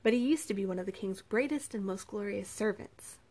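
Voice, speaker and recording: A woman voicing a gentle, persuasive male prince in an audiobook, speaking softly and patiently. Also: mid-range voice, fairly quick, natural voice. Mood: calm, persuasive. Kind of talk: audiobook character reading.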